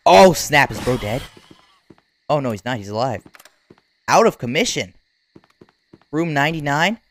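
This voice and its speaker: A gaming YouTuber giving unedited play-by-play commentary, talking in casual slang and reacting loudly to what happens on screen. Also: mid-range voice, moderate pace, pauses often. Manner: excitable, reacts loudly to game events; casual slang-filled chatter. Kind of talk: unedited live gameplay commentary.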